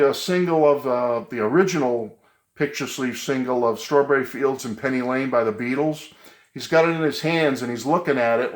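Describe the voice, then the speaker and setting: A middle-aged man talks to camera from his home music room, earnest and rambling, his words dotted with ums and uhs. His voice sits at an ordinary pitch for a man. The room around him sounds echoey. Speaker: vlogger. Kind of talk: casual tribute vlog.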